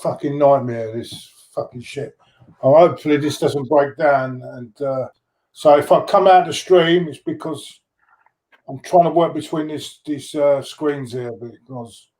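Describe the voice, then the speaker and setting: A man's voice: mid-range voice, steady tone, a little slow, a little mellow. A man co-hosting a fan livestream, talking bluntly and swearing freely in casual chat. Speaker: co-host.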